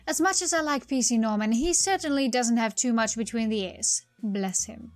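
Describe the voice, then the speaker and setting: A woman's voice: a little high, normal speed, soft background music. A woman playing a story game and reading it aloud, with wry, casual asides. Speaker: game player.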